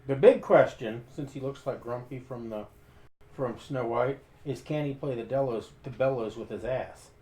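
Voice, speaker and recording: A man's voice: medium pitch, normal speed, dark tone, a little hiss or hum. A man playing in a tabletop game, chatting in a casual, wry way. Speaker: player. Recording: roomy echo.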